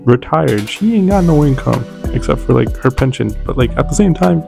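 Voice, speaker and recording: A man's voice: medium pitch, animated, moderate pace, gravelly, a little mellow. A young man giving casual, slangy reaction commentary, blunt and swearing freely. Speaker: video reactor host. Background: music.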